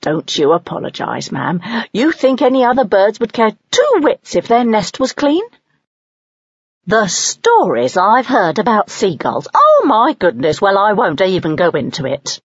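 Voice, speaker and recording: A woman voicing a prim, proud old female blind snake who keeps an owl nest, brisk and fussy. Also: mid-range voice, big pitch swings, breathy edge, no room sound, highs cut off, pitched above the performer's own voice, full character voice.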